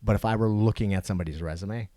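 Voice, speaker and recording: Deep-voiced podcast co-host, rambling. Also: male voice, rapid-fire, dark tone, no room sound. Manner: rambling, profane, many fillers and restarts. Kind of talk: casual chat.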